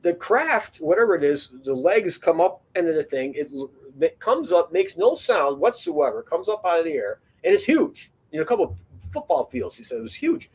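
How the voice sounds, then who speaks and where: A man's voice: sits high, sing-song, moderate pace, a little mellow, husky. A man telling a long story in a casual, rambling way, full of fillers, restarts and swearing. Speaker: podcast host.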